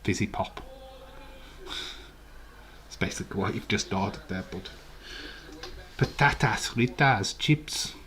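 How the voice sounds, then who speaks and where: A man's voice: fairly low pitch, slow, long pauses, fairly bright tone. A man from West Yorkshire with a Yorkshire accent, hosting a casual live watch-along and chatting playfully and argumentatively with his viewers. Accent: Yorkshire English. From West Yorkshire, England. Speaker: live stream host.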